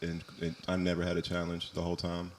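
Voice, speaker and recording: A young man in casual podcast chat, easygoing and quick to agree with the others. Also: low-pitched, completely flat delivery, slight background noise. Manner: easygoing, frequent backchannel agreement. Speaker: podcast co-host.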